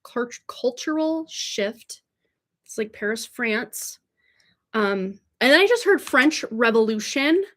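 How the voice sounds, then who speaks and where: A woman's voice: on the high side, big pitch swings, unhurried, fairly bright tone. A woman giving a casual livestream tarot reading, chatty and rambling, tripping over words and laughing them off. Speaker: tarot reader. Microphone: livestream mic.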